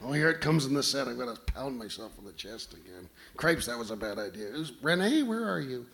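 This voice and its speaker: A tired middle-aged pop diva, as a male comic puts her on, muttering low and quiet to herself. She sounds self-pitying and fed up with her own stage routine, with a gravelly grain. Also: sing-song, a little fast. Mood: grumbling. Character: weary middle-aged female pop diva regretting her chest-pounding.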